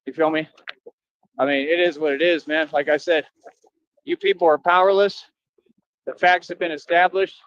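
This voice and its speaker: A man's voice: a little high, steady tone, normal speed, long pauses, fairly bright tone, no room sound, lo-fi sound. A man livestreaming, talking to his viewers in a boastful, confrontational rambling monologue with slangy street talk.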